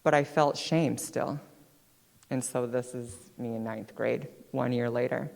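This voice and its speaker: A woman in her twenties, a guest speaker telling her own story on stage in a chatty, animated way, often checking in with "right?". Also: a bass voice, a little slow, gravelly. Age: 20s. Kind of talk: personal storytelling talk. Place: stage in a hall. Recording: long hall reverb.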